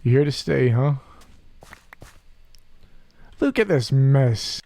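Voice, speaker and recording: A man hosting a role-played Minecraft let's play, talking softly and earnestly to a creature in the game. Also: mid-range voice, lively intonation, takes it slowly, gravelly, a little hiss or hum.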